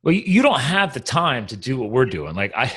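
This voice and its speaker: A man's voice: mid-range voice, very animated, fairly bright tone, slightly rough. A man hosting a podcast, chatting casually and enthusiastically, often speeding up and restarting his sentences. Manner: enthusiastic, talks in quick bursts with restarts. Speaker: podcast host.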